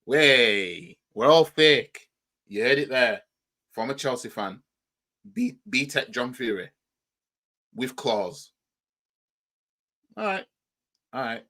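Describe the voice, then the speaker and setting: A man's voice: medium pitch, sing-song, slow, long pauses, pushed and bright. A man with a Yorkshire accent, hosting a reaction channel and mockingly commenting on a clip, often asking "you know what I mean".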